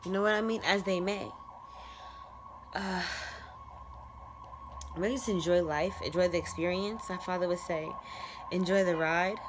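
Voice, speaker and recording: A woman's voice: fairly low pitch, fairly even intonation, moderate pace, pauses often, noisy background. A young adult woman talking earnestly in a rambling personal vlog, heartfelt, with many fillers. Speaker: content creator. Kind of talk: reflective personal vlog monologue.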